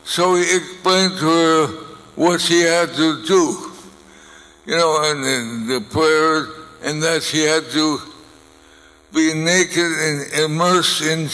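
An older man tells a story to a gathered audience, pausing and restarting often. His voice sits a bit high and comes out bright and forceful. Long hall reverb trails each phrase. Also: steady tone. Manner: slow, halting delivery with restarts. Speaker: speaker telling anecdotes to an audience. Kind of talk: storytelling speech.

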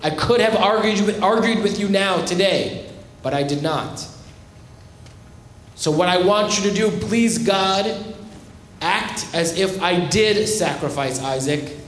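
A man's voice: sits high, slow pace, a little hiss or hum. This is Abraham as an old man pleading with urgency, played by a man telling a story. The voice rises and presses forward, sounding in an echoey room. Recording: roomy echo.

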